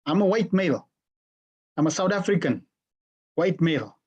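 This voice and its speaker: Husky-voiced teacher quizzing an online class. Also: mid-range voice, expressive, normal speed, a little mellow. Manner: questions the class and repeats answers back. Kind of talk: interactive online lesson.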